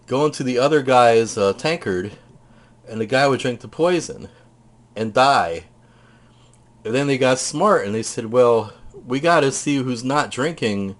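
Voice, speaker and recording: A man casually showing off his purchases, talking in a chatty, rambling way. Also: medium pitch. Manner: chatty, rambling, tells stories; eats while talking.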